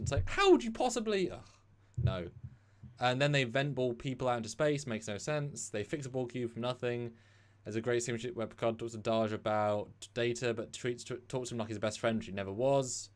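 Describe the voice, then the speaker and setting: A man co-hosting a casual live-stream chat, animated and rambling with sarcastic asides. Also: mid-range voice, brisk. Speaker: co-host.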